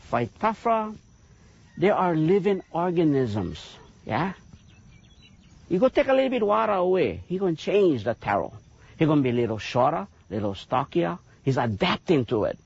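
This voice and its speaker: A man's voice: on the high side, gravelly, slightly rough, lo-fi sound. A man with a Hawaiian Pidgin accent, a taro farmer explaining his fields on a farm tour in a folksy way, tagging "yeah?" onto his points. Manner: animated, folksy, lots of "yeah?" tags.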